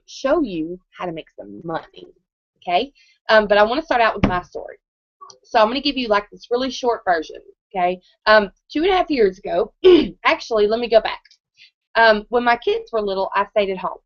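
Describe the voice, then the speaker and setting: A woman's voice: medium pitch, expressive, normal speed, no room sound. Chatty woman, dull dry recording. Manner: conversational, keeps checking in with the audience. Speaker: presenter. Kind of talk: live motivational testimony.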